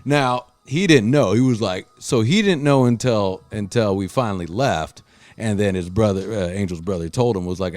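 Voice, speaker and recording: A man hosting a casual chat, telling a story with loud acted-out quotes and frequent swearing. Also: on the low side, moderate pace, no echo. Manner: animated, swearing, acts out quotes loudly. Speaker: podcast host.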